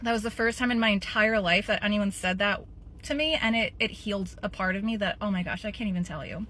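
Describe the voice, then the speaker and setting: A woman's voice: mid-range voice, fast talker, fairly bright tone. A woman in her thirties hosting a show, speaking in a blunt, emphatic, profane personal monologue. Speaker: podcast host.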